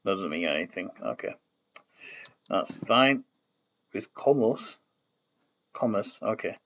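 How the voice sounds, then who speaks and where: A man's voice: fairly low pitch, expressive, slow pace, a bit bright, muffled recording. A man streaming from his desk, thinking aloud and muttering as he works, trailing off and correcting himself, with keyboard typing behind him. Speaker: streamer building a made-up language. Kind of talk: thinking aloud while working. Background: keyboard clicks and typing.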